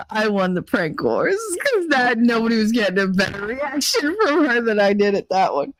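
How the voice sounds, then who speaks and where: A woman's voice: on the high side, sing-song, moderate pace. A middle-aged woman hosting a livestream, chatting casually with viewers, often laughing and teasing. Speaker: livestream host. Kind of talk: casual chat with live chat.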